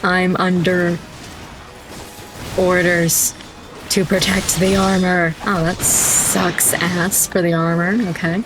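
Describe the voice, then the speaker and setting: A woman's voice: lowish voice, flat delivery, over music. Playful, sweary woman gaming. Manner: playful, sweary and quick to laugh. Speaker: gaming streamer. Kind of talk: casual gameplay commentary.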